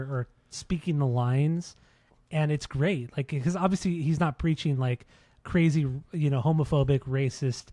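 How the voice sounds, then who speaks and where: Man, podcast co-host, casual music chat, enthusiastic, swears a lot, slightly high voice, mellow tone. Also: dry recording. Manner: enthusiastic, swears often, repeats words when starting.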